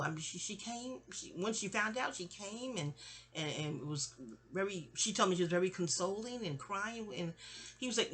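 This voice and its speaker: Husky-voiced woman rambling through family stories. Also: mid-range voice, animated, normal speed, fairly bright tone. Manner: rambling, trails off and restarts, mimics people in quotes. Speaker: storyteller. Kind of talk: candid family storytelling.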